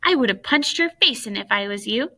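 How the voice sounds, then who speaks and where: A rough-talking boy full of loud admiration, as a woman reading the story puts him on. His voice rises high and bright. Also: expressive, brisk, distant mic, heavily acted. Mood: gushing.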